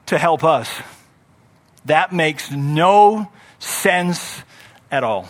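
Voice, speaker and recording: High-voiced preacher, expressive delivery. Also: male voice, slow pace. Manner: expressive, acts out scripture voices with rising emphasis. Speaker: pastor. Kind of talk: sermon.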